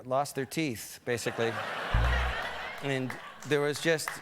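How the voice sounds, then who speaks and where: A man from Canada, a comedian guest telling animated anecdotes on a talk show and acting out voices. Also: medium pitch, takes it slowly, loud music behind the voice. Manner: animated storyteller, acts out voices. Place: talk show studio with audience. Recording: studio audience and room noise.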